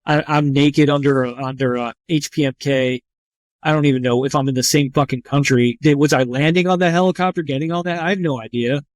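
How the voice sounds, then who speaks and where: A man's voice: a little high, steady tone, brisk, no echo. Blunt, profane man telling a story. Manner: blunt and profane, with frequent restarts. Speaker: trauma surgeon guest. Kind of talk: casual spoken storytelling.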